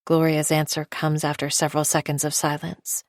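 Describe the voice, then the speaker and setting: A woman reading a first-person thriller audiobook in a measured, low-key way. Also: completely flat delivery, no room sound, clean studio sound. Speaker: audiobook narrator. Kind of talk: scripted first-person narration.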